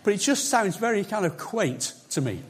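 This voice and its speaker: A man's voice: sits high, big pitch swings, normal speed, breathy edge. A man preaching a sermon in a conversational, emphatic way, with chatty asides to the congregation.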